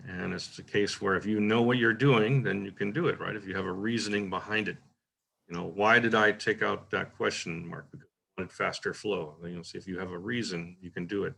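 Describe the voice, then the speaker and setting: A man hosting a poetry workshop, giving a relaxed, informal lecture and reading the same example line aloud in different ways. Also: fairly low pitch, a little fast, vocal fry. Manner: relaxed, thinking aloud with frequent "uh" and "right?".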